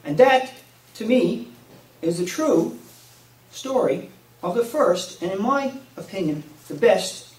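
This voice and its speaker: A middle-aged man with a Newfoundland accent telling a personal story to a live audience in a folksy, animated way, recorded at a community event. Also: high voice, slow. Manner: folksy, warm-hearted, lively with laughs. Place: community hall at a Christmas event. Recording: echoey room, mic at a distance, faint noise.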